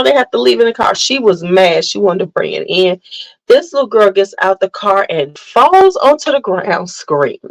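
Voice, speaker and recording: A woman hosting a casual livestream, telling animated family stories, laughing often and greeting viewers by name. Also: medium pitch, vocal fry, poor audio. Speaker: livestream host chatting with viewers. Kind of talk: casual chat.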